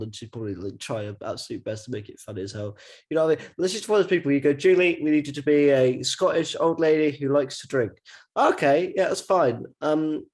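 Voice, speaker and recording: A man's voice: medium pitch, darkish tone, breathy edge. A man hosting a casual film podcast, rambling and laughing often as he talks. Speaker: podcast host. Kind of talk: casual chat.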